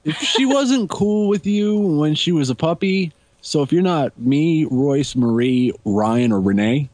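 Podcast guest cracking dry jokes, mid-pitch voice, dead dry sound. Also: animated, measured pace, a little mellow, dry recording. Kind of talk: casual chat.

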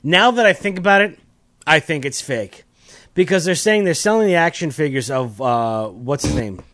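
A man's voice: a little high, expressive, normal speed, fairly bright tone, no room sound, clean studio sound. A man co-hosting a casual, crude comedy chat, giggling and rambling with repeated catchphrases. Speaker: podcast co-host.

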